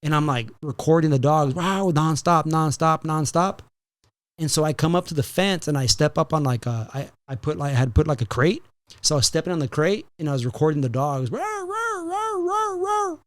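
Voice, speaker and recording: A man hosting a podcast, telling a story in a casual, profane, animated way and slipping in Spanish phrases. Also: on the high side, brisk. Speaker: podcast host.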